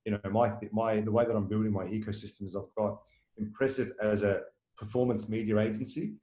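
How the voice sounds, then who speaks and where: Man, fairly low voice, rapid rambling talk, fillers, echoey room. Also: steady tone, warm tone. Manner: fast, rambling, many fillers and restarts, tags "right?". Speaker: marketing agency owner, guest. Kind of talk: casual interview talk.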